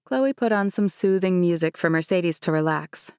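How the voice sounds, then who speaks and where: Low-voiced woman narrating an audiobook. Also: normal speed, a little mellow, clean tone, no echo, clean studio sound. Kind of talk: scripted narration.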